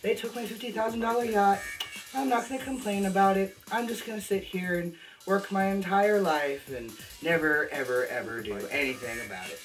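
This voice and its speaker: A man's voice: high-pitched, steady tone, fairly quick, a bit bright. A man voicing a meek, resigned victim who refuses to complain. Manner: whiny, resigned. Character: meek resigned adult victim, passive and defeated. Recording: distant mic with faint music.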